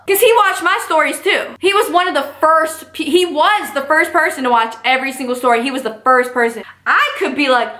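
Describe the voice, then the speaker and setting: A young woman with a high, bright voice tells a storytime vlog with sass and slang. Her delivery is animated, and the sound carries a roomy echo. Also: a little fast, few pauses. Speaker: vlogger.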